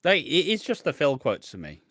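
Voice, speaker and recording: Animated, sweary man. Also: on the high side, a little fast, no echo, studio quality. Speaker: podcast co-host. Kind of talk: casual podcast chat.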